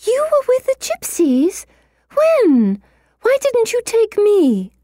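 Woman reader doing a flighty Victorian schoolgirl: high, gushing, excitable, in a close, dry read. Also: slow, no echo, full character voice. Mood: shocked.

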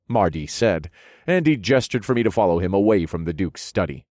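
A man with a very low voice reading a first-person fantasy audiobook. His delivery is expressive and wry, with a wide, lively pitch range. The recording is close and dry. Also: fairly quick, dry recording. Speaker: audiobook narrator.

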